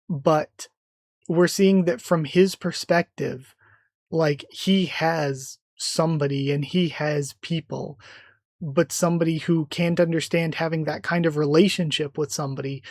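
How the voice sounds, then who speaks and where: A host talking through a live comic reaction, enthusiastic and rambling, doubling back with fillers. The voice sits at a middling pitch, and the recording is dry and close. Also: a little mellow, no echo.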